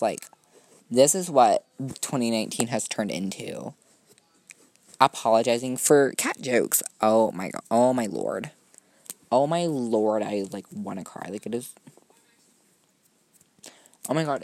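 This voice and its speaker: A man's voice: medium pitch, no room sound. A young man, a student, hosting a rambling solo podcast. He talks in a gushing valley-girl drawl full of "like" and "oh my god", swears casually, mocks himself and keeps jumping between topics. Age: young adult student. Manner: scattered, self-mocking, jumps between topics. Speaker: podcast host.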